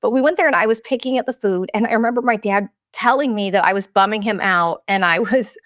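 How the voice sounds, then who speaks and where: A woman's voice: mid-range voice, quick pace, fairly bright tone, no echo, clean studio sound. A woman in her thirties hosting her own show, talking candidly and bluntly with plenty of swearing in a confessional, casual monologue. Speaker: podcast host.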